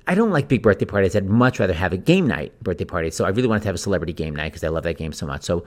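A man in his fifties hosts a podcast with a lively voice that swoops up and down. He tells chatty, anecdotal stories. He acts out the people he quotes with big exclamations. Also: sits low, very fast. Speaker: podcast host.

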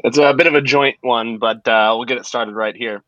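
A mid-pitched man launches into a made-up infomercial pitch during casual podcast chat, sounding like a salesman. The recording is a little dull and lo-fi, and dry. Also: fairly even intonation, fairly quick, a bit bright, no echo.

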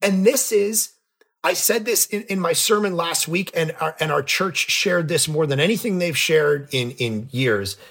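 A middle-aged man, a pastor and author, telling a story as a podcast guest, lively and jumping in pitch when he acts out scenes. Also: unhurried, gravelly. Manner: animated, jumps pitch when acting out scenes. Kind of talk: casual storytelling in an interview.

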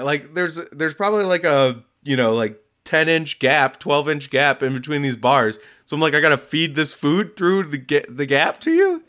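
A man's voice: on the high side, moderate pace, hardly any pauses. A man casually telling a story about a delivery, laughing often and acting out the people he quotes. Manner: animated, laughs often, acts out voices in quotes.

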